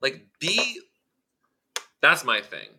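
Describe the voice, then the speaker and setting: Blunt, swearing male co-host with a sharp, very bright tone. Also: fairly high pitch, wildly swooping pitch, extremely slow, slightly rough. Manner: blunt and emphatic, swears freely. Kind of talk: casual chat.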